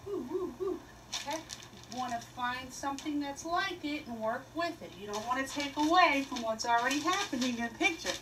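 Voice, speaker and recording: A woman's voice: high-pitched, lively intonation, fairly quick, far from the mic, background noise. A woman giving a casual painting lesson, chatty and playful, humming little "woo" sounds as she works. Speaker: art teacher.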